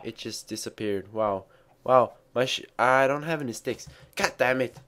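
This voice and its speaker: A man's voice: mid-range voice, moderate pace, a bit bright. A man giving casual let's play commentary while he plays, rambling and mocking himself with stumbling restarts. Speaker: gamer.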